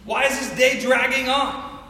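High-voiced man talking in an echoey hall. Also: fairly even intonation, unhurried, pushed and bright. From Ohio, near Cincinnati. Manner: casual, chatty, keeps asking the audience "you know what I mean?". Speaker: speaker addressing an audience. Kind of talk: storytelling talk to a live audience. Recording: echoey hall with faint noise.

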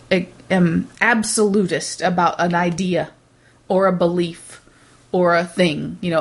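A woman co-hosting a podcast in casual chat, talking in a rambling, animated way with many restarts. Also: lowish voice. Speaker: podcast co-host.

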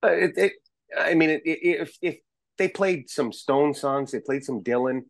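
A man chatting as a podcast guest, an excitable storyteller who rambles and restarts his sentences. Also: a little high, normal speed, gravelly, no room sound. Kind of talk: casual chat.

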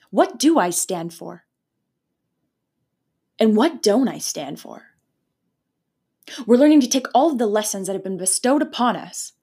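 A young woman from Canada talks through a spiritual motivational podcast with a slightly husky, breathy voice at a middle pitch. She sounds earnest and animated and drops casual swear words. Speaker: podcast host.

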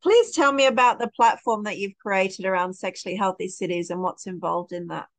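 A woman's voice: mid-range voice, fairly quick. Middle-aged woman hosting an interview. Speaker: podcast host. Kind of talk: casual interview.

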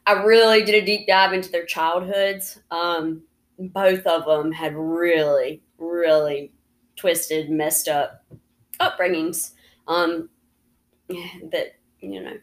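A woman co-hosting a podcast and telling the story, relaxed, chatty and teasing. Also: fairly low pitch, slow pace. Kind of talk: casual chat.

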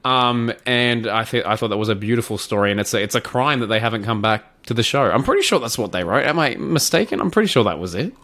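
A man's voice: medium pitch, animated, fast talker, hardly any pauses, fairly bright tone. A man co-hosting a fan podcast, rambling enthusiastically with lots of fillers. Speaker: podcast co-host. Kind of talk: casual chat.

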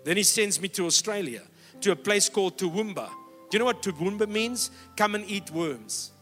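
A man's voice: lively intonation, normal speed, faint music behind. Emphatic preacher man in a big hall. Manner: emphatic, rising to loud exhortation then dropping low. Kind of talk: sermon. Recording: long hall reverb.

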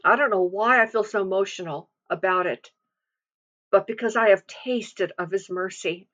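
A woman's voice: mid-range voice, normal speed, fairly bright tone, highs cut off. A woman giving an earnest, confiding devotional sermon, reading scripture and speaking from personal experience with frequent restarts.

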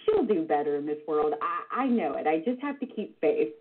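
A calm, pitying middle-aged father murmurs softly in a lowered voice, as a woman imitates him. The sound is husky and squeezed through a narrow, phone-like band. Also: normal speed, heavily acted.

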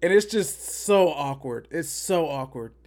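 A man's voice: on the high side, animated, a little slow, darkish tone. A man hosting a podcast, giving an opinionated, rambling movie review and repeating himself for emphasis. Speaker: podcast host. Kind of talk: casual movie review rant.

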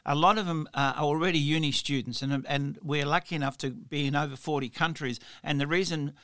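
A man's voice: fairly high pitch, steady tone, brisk, fairly bright tone, dry recording, clean studio sound. A man hosting a podcast interview, chatting in a rambling way with lots of restarts and fillers. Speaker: podcast host. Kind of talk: interview chat.

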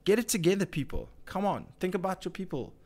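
A man's voice: high voice, animated, quick pace, a little mellow. A man, hosting a casual livestream, ranting with swearing and lots of filler words. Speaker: livestream host.

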